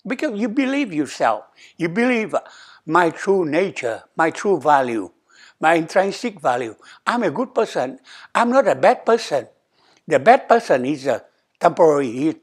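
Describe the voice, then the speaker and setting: An older man, an abbot, giving a sermon at a temple in simple English, often checking in with "okay?" and acting out quoted dialogue. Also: fairly high pitch. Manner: non-native English, simple repetitive phrasing, asks "okay?"; acts out quoted dialogue with rising emphasis. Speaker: abbot giving a dharma talk. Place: temple hall.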